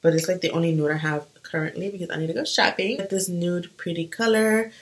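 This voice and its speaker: Speaking quickly in a fairly low voice, this young woman is a beauty vlogger doing her makeup. She chats in a lively, animated way packed with fillers, though the audio quality is poor.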